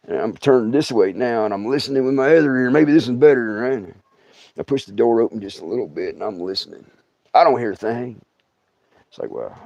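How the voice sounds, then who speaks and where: A middle-aged man telling a story in a casual, drawling way, often dropping to a hush and acting out the sounds. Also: lowish voice, gravelly, no room sound. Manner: drawling, hushed, acts out sounds. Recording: dull lo-fi dry sound.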